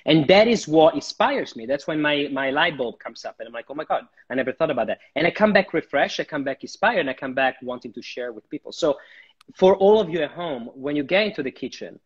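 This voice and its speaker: A man's voice: fairly high pitch, expressive, a little fast, slightly rough. A man chef chatting animatedly during a live cooking demo, often repeating his words. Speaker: guest chef. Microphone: livestream. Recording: dull lo-fi livestream audio.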